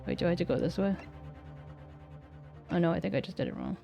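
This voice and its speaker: A woman's voice: on the low side, wildly swooping pitch, fast talker, creaky, dark tone. A young woman streaming a game, chatty and self-correcting as she reads the dialogue aloud, with faint music playing behind.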